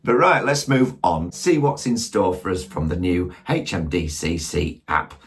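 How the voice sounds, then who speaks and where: A middle-aged Yorkshire man talks through a casual hobby review in a deep, husky voice. He rambles along, thinking aloud and throwing questions at his viewers. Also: measured pace. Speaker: model railway channel host. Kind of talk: casual product review talk.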